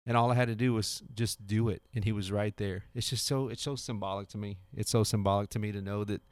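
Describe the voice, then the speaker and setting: He's a podcast host in his thirties, talking fast from his home garage in a low-leaning voice with a steady tone. The dry recording captures a casual, earnest motivational monologue where he keeps repeating himself and restarting.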